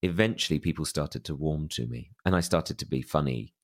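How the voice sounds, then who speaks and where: An extremely low-pitched voice belongs to this English interview guest, who talks a little fast in a posh, plummy accent. He tells personal stories candidly and self-deprecatingly, full of fillers and restarts.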